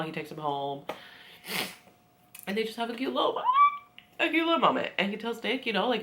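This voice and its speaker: A young woman recapping a TV show in casual chat, giggling often and acting out the characters' lines in quick voices. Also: medium pitch, very animated, a bit bright. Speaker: TV recap vlogger.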